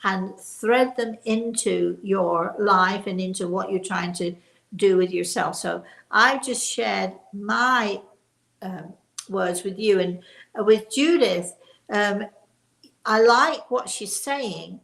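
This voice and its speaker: Older woman, host, gravelly voice, stresses key words, echoey room. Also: medium pitch, slow pace. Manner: emphatic on key words, warm chatty restarts. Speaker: host and spiritual teacher. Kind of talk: live-stream chat and teaching.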